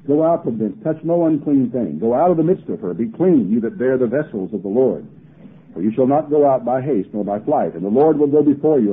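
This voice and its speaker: A preacher with a slightly husky voice delivers a sermon, reading scripture dramatically and pressing rhetorical questions. His pitch swings widely as he preaches. The sound is narrow and tinny, like an old 1980s broadcast recording.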